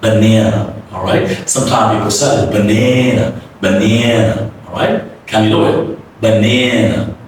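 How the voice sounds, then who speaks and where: A man teaching English pronunciation, modeling words slowly and repeatedly and asking the listener to say them back. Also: on the low side. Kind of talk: classroom-style pronunciation lesson. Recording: echoey room from a distance with faint background hum.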